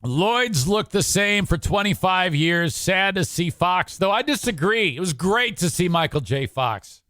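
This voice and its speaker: A man's voice: high-pitched, lively intonation, a little slow, fairly bright tone, no echo, clean studio sound. A man hosting a podcast, talking bluntly and swearing freely as he reads out comments and does live ad reads. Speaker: podcast host. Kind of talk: casual talk and live ad reads.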